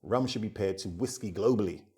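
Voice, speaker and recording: Middle-aged guy, lowish voice, guest on an interview, animated storyteller who laughs a lot. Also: a little fast. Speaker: rum ambassador, interview guest. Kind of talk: conversational interview.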